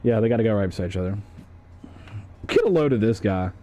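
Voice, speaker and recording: Young male streamer, casual commentary, joking, profane, lively swinging pitch. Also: quick pace, soft background music. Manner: animated, profane, jokey.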